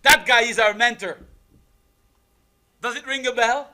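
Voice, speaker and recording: Young wife, sharp-tongued and mocking in her comeback; bright, high delivery, voiced by a man. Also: unhurried, full character voice. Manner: pointed, mocking retort.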